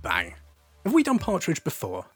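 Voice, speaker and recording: A man's voice: fairly high pitch, huge pitch swings, moderate pace, slightly rough, faint music behind. Wry man with mock-formal teasing. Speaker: podcast co-host. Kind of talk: casual comedic podcast chat.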